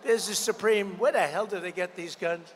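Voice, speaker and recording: A man's voice: high voice, normal speed. A man in his seventies giving a combative, repetitive campaign rally speech in a large indoor expo hall, riffing off the crowd. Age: 70s. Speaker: political candidate. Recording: long reverb in a big hall, faint noise.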